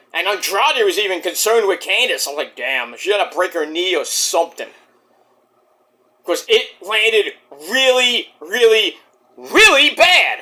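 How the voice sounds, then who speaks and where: A man reviewing a wrestling show in a casual vlog, excitable and profane, with sudden yelled exclamations. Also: high voice.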